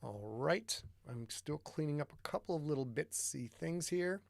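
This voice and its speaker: A man's voice: fairly high pitch, animated, moderate pace, gravelly, no room sound. A man hosting a casual livestream, chatty, greeting viewers by name and muttering to himself while he sets up. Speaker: podcast host.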